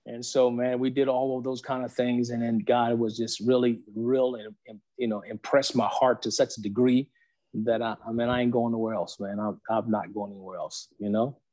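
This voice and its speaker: A man in his forties sharing his faith testimony as a podcast guest, in a slangy, animated storytelling manner that acts out the voices he quotes. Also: mid-range voice, moderate pace.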